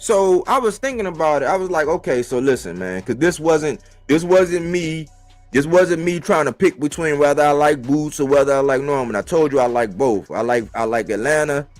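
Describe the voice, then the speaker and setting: A man giving a casual, slangy boxing commentary monologue for a live stream, animated and rhetorical, repeating his points. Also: fairly high pitch, moderate pace, faint music behind. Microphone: live-stream mic.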